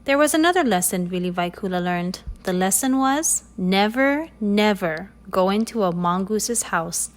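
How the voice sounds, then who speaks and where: A woman reading a children's story aloud in an expressive, playful way. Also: mid-range voice, normal speed, hardly any pauses.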